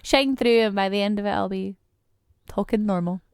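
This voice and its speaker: A woman with a Scottish accent co-hosting a casual podcast chat, chiming in quickly. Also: medium pitch, a little mellow, clean tone, no echo, clean studio sound. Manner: chatty, quick to chime in. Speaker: podcast co-host.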